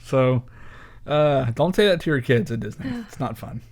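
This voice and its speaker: A man co-hosting a podcast in casual chat, speaking haltingly with many uhs and restarts. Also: medium pitch, big pitch swings. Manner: hesitant, halting delivery with frequent uhs. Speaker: podcast co-host.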